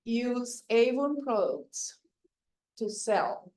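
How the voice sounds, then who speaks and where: A woman giving a live public speaking seminar, coaching in an emphatic way and pausing for emphasis, recorded at a hotel event. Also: fairly high pitch, expressive, a little mellow. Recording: echoey room from far off.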